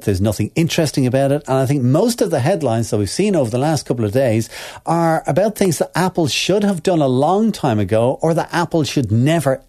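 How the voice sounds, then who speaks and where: Man ranting with a lively, animated pitch. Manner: exasperated, sarcastic, keeps adding "all right?". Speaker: co-host. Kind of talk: ranting opinion chat.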